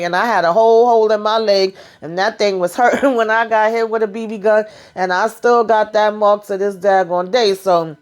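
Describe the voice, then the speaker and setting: A woman recapping a TV episode in casual, sassy chat straight to her viewers, full of asides and fillers. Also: mid-range voice. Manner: colloquial, drawn-out asides with frequent fillers. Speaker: TV show recap host.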